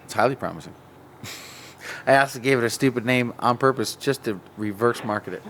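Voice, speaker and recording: A man's voice: medium pitch, normal speed, fairly bright tone, slight background noise. A man in casual podcast chat who rambles and jokes about plant breeding, often laughing. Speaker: cannabis breeder and show guest.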